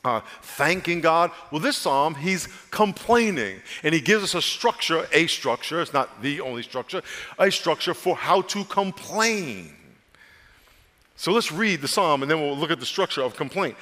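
A male pastor preaching a lively, humorous sermon, drawing his congregation into call-and-response. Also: a little high, moderate pace. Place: church sanctuary. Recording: long reverb of a church hall.

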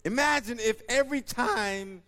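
A man preaching a sermon as pastor, animated, acting out scenes in voices and laughing often. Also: very high-pitched, unhurried. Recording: long reverb of a large hall.

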